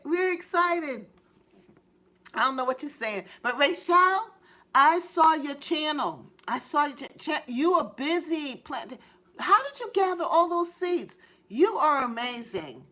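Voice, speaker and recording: A woman's voice: on the high side, a bit bright. Bubbly, giggly woman gardening host. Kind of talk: live stream chat with viewers.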